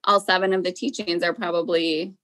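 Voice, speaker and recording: A woman's voice: on the low side, fairly even intonation, brisk, fairly bright tone. A woman educator speaking earnestly in an interview, reflecting aloud with frequent filler phrases. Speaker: school educator.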